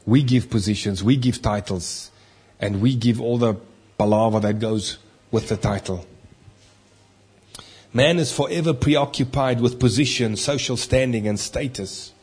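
A man preaching a sermon, emphatic, swinging between loud stressed lines and quiet asides. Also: mid-range voice, a little slow, breathy edge. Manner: emphatic, rising and dropping loudness for stress.

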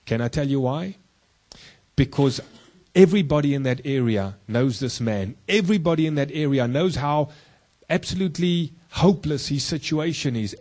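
A male pastor preaching a sermon, husky-voiced, throwing rhetorical questions to the congregation and slowing down low for key points. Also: a little mellow.

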